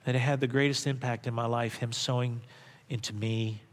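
A man's voice: mid-range voice, fairly even intonation, brisk, in a large hall. A male pastor preaching a sermon, earnest and emphatic, repeating phrases for stress. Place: church sanctuary.

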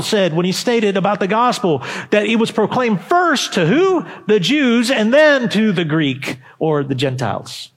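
High-voiced fervent male preacher. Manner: emphatic, rising to fervent peaks and dropping low; addresses the congregation directly with questions. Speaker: pastor. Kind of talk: sermon.

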